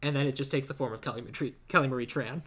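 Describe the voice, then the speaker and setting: Male podcast co-host, crisp bright tone, rambling and chatty. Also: mid-range voice. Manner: rambling, filler-heavy, quick to laugh. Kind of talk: casual movie-podcast chat.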